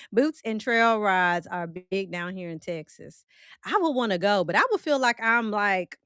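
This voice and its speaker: A woman's voice: mid-range voice, expressive, a little slow, fairly bright tone, clear, resonant tone, no room sound, studio quality. A woman with a Midwestern country accent hosting a casual livestream, chatty and playful as she reacts to viewer comments. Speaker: livestream host.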